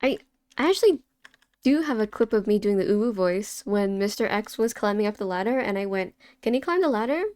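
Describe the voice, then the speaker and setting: A woman's voice: mid-range voice, fairly quick, a little mellow, smooth, no room sound, clean studio sound. A young woman casually chatting while drawing live, laughing and swearing offhandedly as she answers chat. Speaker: art streamer.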